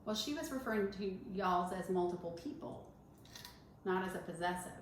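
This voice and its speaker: A woman's voice: on the low side, moderate pace. A woman co-hosting a podcast, chatting casually, teasing and laughing often. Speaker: podcast co-host, dentist. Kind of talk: casual chat. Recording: echoey room with faint noise.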